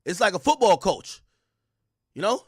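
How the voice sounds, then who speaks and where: Man, livestream commentary, profane, lively swooping voice, somewhat high, dry close sound. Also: normal speed, breathy edge, dry recording. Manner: profane, animated, incredulous asides. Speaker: livestream host reading court testimony.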